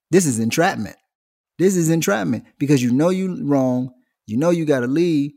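A man delivering a slangy comic monologue, telling stories and slipping into quick voices. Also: medium pitch. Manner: animated slangy storytelling, jumps into voices. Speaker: comedian. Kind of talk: stand-up style comic monologue.

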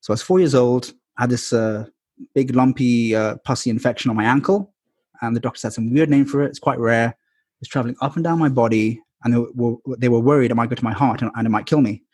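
A man's voice: mid-range voice, steady tone, fast talker, darkish tone, slightly rough, no room sound, studio quality. A man in his twenties or thirties, a podcast guest, telling his life story candidly with many ums and likes. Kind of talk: casual storytelling interview.

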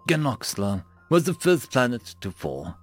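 A man's voice: medium pitch, sing-song, a little slow, faint music behind. A man reading a science fiction story aloud as narrator. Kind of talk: scripted narration.

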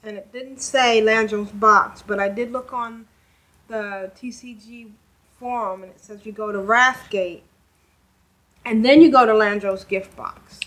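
A woman's voice: fairly high pitch, steady tone, a little slow, a bit bright, low-quality recording. A woman co-hosting a casual podcast chat, explaining things in a plain, matter-of-fact way. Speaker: podcast co-host.

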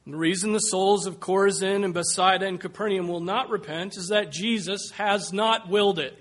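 A man preaching a sermon, slow and emphatic, dropping to a hush and rising to loud calls. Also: high-pitched, steady tone. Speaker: pastor.

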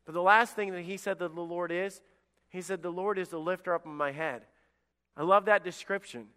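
Pastor, male, preaching with a high, clear voice; long church-hall reverb. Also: a little fast. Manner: animated preaching, acting out voices of David and God. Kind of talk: sermon.

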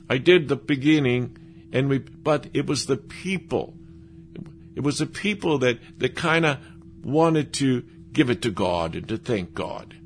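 A man preaching a sermon, lively and animated, acting out the voices of the people he quotes. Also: mid-range voice, a little slow, a little hiss or hum.

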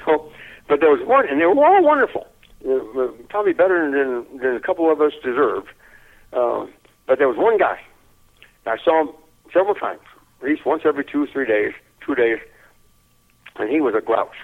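An older man telling a lively anecdote in an interview, chuckling often and repeating his words as he goes. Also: medium pitch, normal speed, pauses often. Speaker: interview guest. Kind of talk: anecdotal storytelling. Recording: tinny phone-like line.

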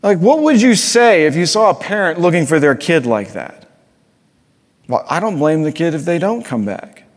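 A man's voice: fairly high pitch, very animated, moderate pace. Earnest male preacher in a reverberant hall. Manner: earnest, swings from hushed to fervent. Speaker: pastor. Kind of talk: sermon.

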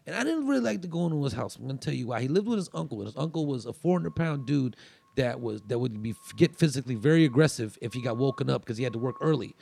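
A man's voice: medium pitch, lively intonation, fast, gravelly, darkish tone, slightly rough, no echo. A man telling a long story in casual chat, rambling with fillers and restarts.

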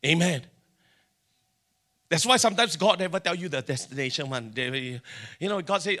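A man's voice: fairly high pitch, expressive, normal speed, pushed and bright. A middle-aged man with a Singaporean English accent preaching a sermon, telling stories animatedly and acting out the dialogue. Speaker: pastor.

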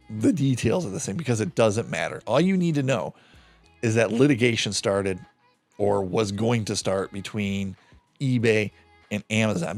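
Lively, swearing man telling a true-crime story. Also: medium pitch, dry recording. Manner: animated, profane, conversational retelling. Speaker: podcast host.

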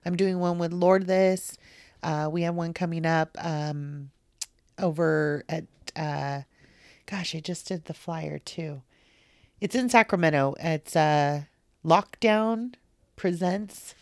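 Chatty woman comedian, lowish dry voice. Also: takes it slowly, no echo. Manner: chatty, animated storytelling with laughter. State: teary near the end. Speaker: comedian guest. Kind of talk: casual podcast chat.

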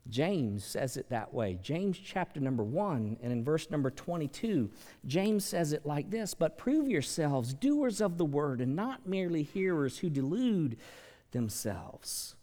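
A male pastor preaching with a lively, swooping delivery, his voice sitting a little high for a man. He moves between hushed asides and loud, emphatic declarations. The sound carries a long reverb, as if from a large church sanctuary. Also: a little slow. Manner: animated preaching, swings from soft to loud. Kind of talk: sermon.

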